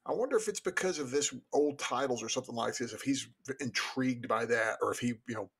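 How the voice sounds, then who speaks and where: Man podcast co-host with a husky voice, musing and hesitant casual talk. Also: mid-range voice, fast talker, fairly bright tone. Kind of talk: casual book discussion.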